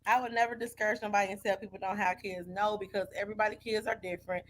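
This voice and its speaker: A woman's voice: mid-range voice, fairly even intonation, rapid-fire, a bit bright. A mother from Michigan chatting casually on a livestream, addressing her viewers directly and laughing often. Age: adult mother. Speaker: livestream host.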